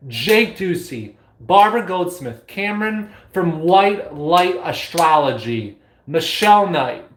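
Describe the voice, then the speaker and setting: A man with a somewhat high voice chats on a casual spiritual live stream, playful and giddy, with loud whoops and bursts of laughter. His voice rings in an echoey room, picked up by a webcam or phone mic. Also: a little hiss or hum.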